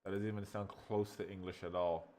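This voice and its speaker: A man casually reviewing AI video software, rambling and excitable, swearing and saying bro. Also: deep voice, fairly quick, slight background noise. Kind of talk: casual screen-recording review.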